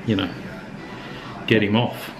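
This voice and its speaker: An Australian man, an amateur astronomer, rambling through a casual vlog with deadpan humor. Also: lowish voice, slow, over music.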